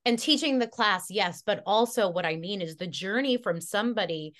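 A woman's voice: mid-range voice, lively intonation, moderate pace, a bit bright. A woman guest in a casual podcast conversation, telling a heartfelt story with lots of fillers and restarts. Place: Connecticut.

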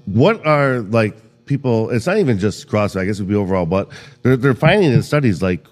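A middle-aged man co-hosting a podcast in casual chat, rambling and lively with lots of filler words. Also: on the low side, brisk. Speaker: podcast co-host. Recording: reverberant room.

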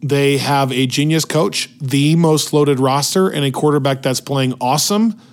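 A man hosting a weekly football podcast, his voice worn out and hoarse, talking in an energetic, opinionated way. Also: medium pitch, unhurried. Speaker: podcast host. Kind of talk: casual sports talk. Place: hotel room in Las Vegas.

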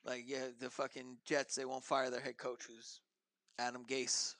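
A man's voice: mid-range voice, flat delivery, a little slow, a bit bright, no room sound. A man in a casual podcast chat, telling stories in a loose, profane, rambling way.

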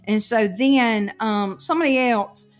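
A woman telling a story in casual chat, exasperated and animated. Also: on the high side, measured pace, soft background music.

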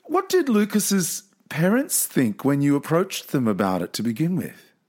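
A man's voice: fairly high pitch, wildly swooping pitch, normal speed, a little mellow. A man interviewing a guest, asking questions with encouraging, enthusiastic responses. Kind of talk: conversational interview.

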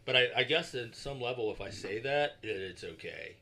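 A man's voice: mid-range voice, lively intonation, normal speed, pushed and bright, a little hiss or hum. A man co-hosting a podcast, making dry, wry remarks in casual chat. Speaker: podcast co-host.

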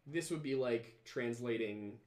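A man's voice: mid-range voice, a little slow, a little mellow, reverberant, a little hiss or hum. A man hosting a podcast, chatting casually and reading viewer comments, rambling with many fillers and restarts. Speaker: podcast host.

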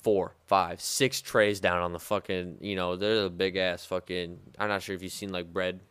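A man's voice: sits low, level tone, moderate pace, a bit bright, clear, resonant tone, dry recording. A man and former sous chef telling rambling, profane stories in a casual podcast chat. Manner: rambling, profane, heavy filler words.

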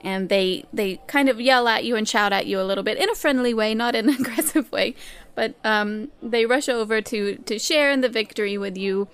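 A woman running a tabletop game as game master, chatty and animated. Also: a little high, a little fast, smooth.

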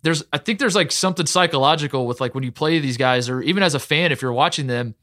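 A man talking casually about college basketball as a podcast co-host, excitable and rambling with many fillers. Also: fairly high pitch, quick pace, no room sound, studio quality. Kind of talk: casual sports talk.

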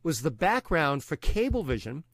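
A man's voice: fairly high pitch, very animated, no echo. A man from Brooklyn with a Long Island New York accent, a radio DJ telling stories in a casual interview from his home studio. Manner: chatty storyteller, quick asides. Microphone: studio microphone.

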